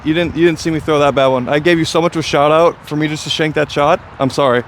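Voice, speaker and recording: A chatty, excitable man with a slightly high voice talks through his disc golf round in casual commentary, poking fun at himself. He is recorded outdoors on the course, with faint traffic and outdoor ambience behind him. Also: quick pace, hardly any pauses. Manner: chatty, excitable, self-deprecating.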